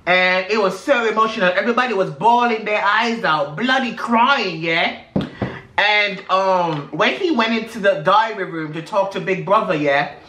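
A man's voice: high voice, a little slow, fairly bright tone, slight background noise. A man putting on a chatty British gossip voice who ends nearly every sentence with a questioning "yeah?", in a roomy, echoey recording. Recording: roomy echo.

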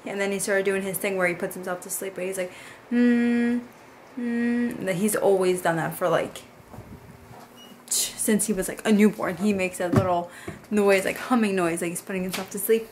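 A woman's voice: medium pitch, steady tone, normal speed, darkish tone, slight background noise. A young woman, a mother, talking casually to her camera in a family vlog, gushing and sentimental about her baby. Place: home and car.

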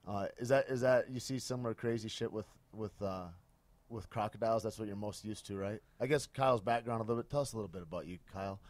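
A man's voice: fairly low pitch, fast, darkish tone, dry recording. A man hosting a podcast in casual chat, laid-back and swearing freely. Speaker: podcast host.

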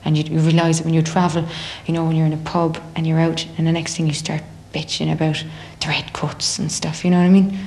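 A young woman with an Irish accent and a low voice. She talks freely and animatedly in a casual interview, slipping into other people's voices as she tells stories. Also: fast, few pauses. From Ireland. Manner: chatty, animated, acts out others' voices in quotes. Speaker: singer in a band.

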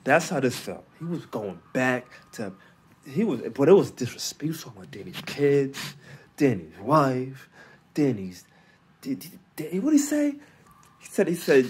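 A man hosting a casual solo recap, talking in loose slang with lots of restarts, fillers and quiet asides. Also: mid-range voice, wildly swooping pitch, normal speed, husky. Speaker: battle rap recap host.

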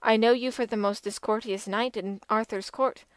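A woman reading an audiobook, voicing a humble young knight who answers calmly and resolutely. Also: on the high side, normal speed, smooth, no echo, close to an everyday voice. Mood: steadfast. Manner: calm and resolute.

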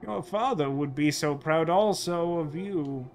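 A man voicing a soft-spoken, grieving mother in a game, speaking slowly and hushed. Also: on the high side, slight background noise. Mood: tender. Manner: slow and hushed.

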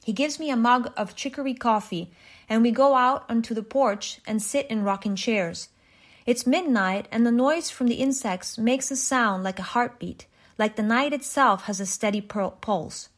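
A woman reading a short story aloud in an even, measured way, with small restarts. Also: fairly high pitch. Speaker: reader.

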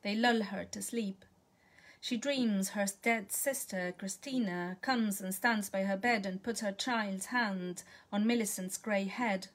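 A woman reading a literary short story aloud in a measured, calm manner. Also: mid-range voice. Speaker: reader.

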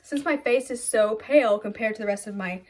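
A young woman vlogging casually, talking fast and filling with "like" and "um", filmed on a phone in her car and later on a tripod at home. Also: fairly high pitch, a little mellow. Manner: fast, chatty, lots of "like" and "um". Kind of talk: casual vlog chat. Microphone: phone camera, then on a tripod.

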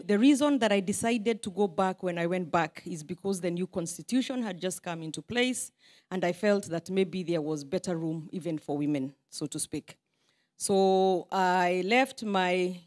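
A woman's voice: medium pitch, darkish tone. Chatty Kenyan woman giving a speech. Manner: chatty, self-deprecating, mixes in Swahili asides. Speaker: politician addressing a diaspora meeting. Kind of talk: informal speech to a crowd.

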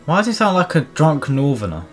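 A man's voice: fairly high pitch, huge pitch swings, brisk. A man hosts a casual let's play, chatting cheekily as he goes. Faint game music runs under his voice. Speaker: gaming host.

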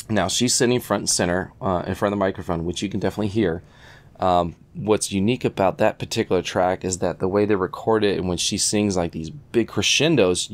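Low-voiced man reviewing speakers casually. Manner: relaxed, rambling, with many fillers and restarts; enthusiastic about audio detail. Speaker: audio product reviewer.

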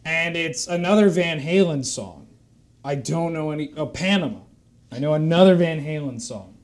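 A man on a live charity stream telling a long, meandering shaggy-dog joke, full of self-corrections and deadpan asides. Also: on the high side, normal speed. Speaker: stream performer.

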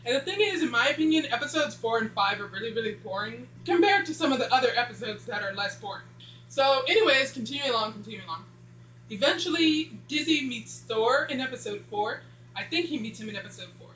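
A woman rambles through a casual recap of a TV series, filling gaps with "blah blah." Her voice is bright and forward. It was recorded in an echoey room with a faint hum behind. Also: fairly high pitch, expressive, quick pace. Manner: rambling, says "blah blah" a lot. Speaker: show reviewer.

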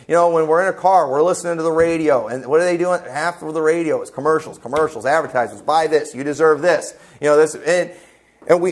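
A man preaching a fervent, blunt sermon as pastor, quoting scripture with asides to the congregation. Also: fairly high pitch. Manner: quotes scripture. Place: church sanctuary.

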